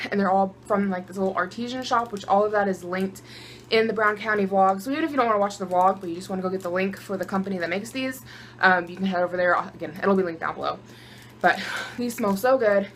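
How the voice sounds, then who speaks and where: A woman in her twenties chatting casually to her phone camera in a vlog, excitable and quick to laugh. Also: medium pitch, slight background noise. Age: 20s. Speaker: vlogger.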